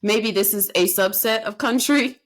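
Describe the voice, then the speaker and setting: A woman's voice: mid-range voice, moderate pace. A woman co-hosting a podcast in casual chat, speaking in emphatic, often repeated statements. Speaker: podcast co-host.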